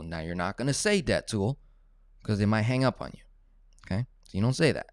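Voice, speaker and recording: A man's voice: low-pitched, animated, a little fast, a little mellow, no room sound, studio quality. A man teaching personal finance in a casual coaching tone, often checking in with "right?" and "okay?". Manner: coaching, tag questions like "right?" and "okay?", acts out phone calls. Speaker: finance educator.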